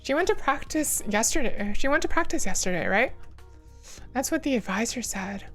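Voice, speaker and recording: A woman reading a polite, gentle middle-aged mother in a game. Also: on the high side, lively intonation, moderate pace, soft background music. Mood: worried.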